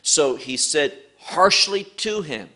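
Male Bible teacher. Unhurried, emphatic delivery with a bright tone, pitch rising and falling a lot. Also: big pitch swings. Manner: emphatic, repeats key words.

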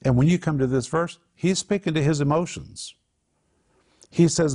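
A man's voice: fairly high pitch, normal speed, darkish tone. A man hosting a Christian program, teaching from the Psalms in an earnest, emphatic conversational way. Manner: earnest, emphatic, builds to raised exhortation. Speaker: Bible teacher and program host.

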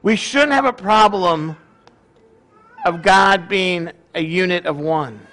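A man, a rabbi, giving a sermon in a conversational, animated storytelling way. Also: high voice, slow.

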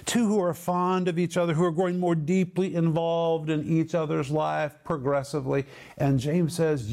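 A man teaching a Bible lesson in a sermon style, emphatic and slow on key phrases, often repeating words for weight. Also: on the high side, little pitch movement, creaky, darkish tone.

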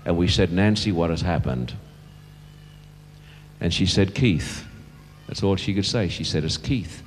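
An older man preaching a sermon as a pastor, telling a story earnestly and growing quiet and slow at the emotional moments. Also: deep voice, slight background noise. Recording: long church reverb.

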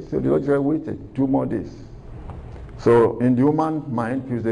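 A man's voice: mid-range voice, fairly quick, creaky, mellow, low-quality recording. A man preaching a recorded sermon, earnest and repetitive, asking rhetorical questions.

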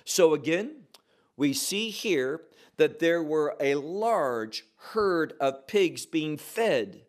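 Male Bible teacher, fairly high voice, deliberate and emphatic, verse-by-verse teaching. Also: expressive. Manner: slow, emphatic, asks and answers his own questions.

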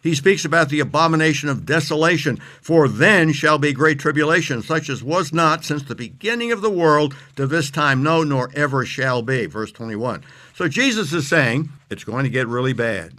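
Emphatic man with a bright voice. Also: on the high side, animated. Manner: emphatic, reads verses slowly. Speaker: Bible teacher guest. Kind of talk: scripture exposition in interview.

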